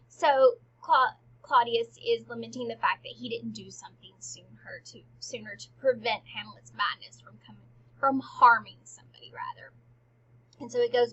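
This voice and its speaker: A woman teaching a play in a chatty, informal way, often dropping into quiet, half-whispered asides. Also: a little high, moderate pace, husky, dull audio. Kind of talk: casual lesson.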